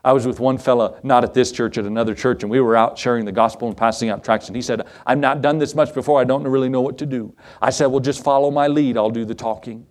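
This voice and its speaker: A middle-aged man preaching a sermon, telling folksy stories with frequent chuckles and big swoops in pitch. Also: fast talker, hardly any pauses. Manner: folksy, chuckling storyteller with lively pitch swings. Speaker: pastor.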